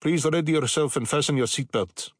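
A formal male pilot with a Middle European accent reads cabin announcements in a businesslike tone, voiced by a man narrating an audiobook. His pitch sits slightly above the narrator's own. The sound is dry and close. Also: brisk, slightly rough, no room sound.

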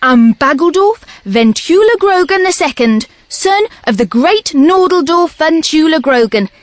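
Boastful chubby troll with a high, loud voice for an audiobook, put on by a woman. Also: lively intonation, unhurried, no echo. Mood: proud.

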